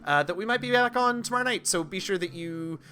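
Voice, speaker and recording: A man's voice: high-pitched, animated, quick pace, sharp tone. A man hosting a livestream of a video game, joking and self-deprecating as he chats with a friend and his viewers. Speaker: streamer and game host. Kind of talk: casual let's-play chat.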